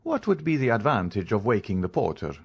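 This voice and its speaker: A man reading an audiobook, voicing a stern, contemptuous count disguised as a priest who speaks in measured, cold commands. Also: fairly low pitch, very animated, creaky, breathy edge, muffled recording, heavily acted.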